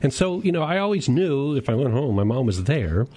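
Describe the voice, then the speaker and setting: A man's voice: mid-range voice, big pitch swings, fairly quick, darkish tone. A man in his fifties hosting a radio talk show, chatting casually with his guest and often repeating words as he stammers to get started. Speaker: radio host. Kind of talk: radio interview, casual conversation. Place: radio studio.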